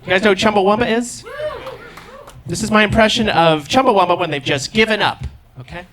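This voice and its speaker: A young man with a high-pitched voice, talking a little fast, does playful, musical stand-up in a comedy club. He works the crowd, chatting with the audience on a handheld stage mic.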